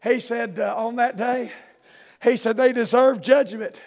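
A man with a strikingly high voice delivers a sermon. He preaches with fervor, dropping to a hushed, intimate tone and then climbing into a shouted, rhythmic cadence. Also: steady tone, unhurried, creaky. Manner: impassioned, builds from soft talk to fervent shouting cadence.

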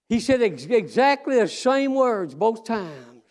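A man preaching a fervent sermon in folksy, plain speech, breaking often into shouts and drawn-out exclamations. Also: very high-pitched, expressive.

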